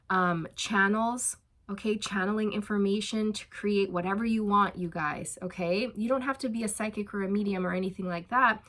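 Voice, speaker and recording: A woman tarot reader chatting straight to her viewers in a loose, gushing way. Her delivery is heartfelt and emotional, full of "okay?" and "you guys," with a voice of ordinary middle pitch. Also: fairly bright tone. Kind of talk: casual spiritual talk to camera.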